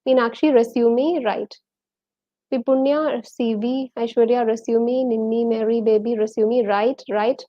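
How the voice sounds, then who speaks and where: A woman's voice: a little high, steady tone, unhurried, warm tone, dry recording, highs cut off. A woman with a Malayali accent teaching a live online English lesson, quizzing viewers and reading out their names and answers.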